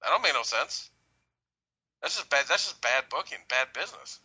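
A man co-hosting a casual podcast, talking animatedly and doing quick voices when quoting people. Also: medium pitch, slightly rough, lo-fi sound. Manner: animated, mimics voices in quoted bits. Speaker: podcast co-host. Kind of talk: casual wrestling talk.

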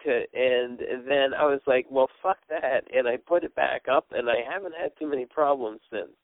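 A man's voice: mid-range voice, brisk, gravelly, no room sound. A man hosts a laid-back podcast chat, leaning on filler words as he gathers his thoughts. His voice comes through narrow and tinny, like a phone line. The sound is dry, with no room around it. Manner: relaxed, hesitant with many fillers. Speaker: podcast host.

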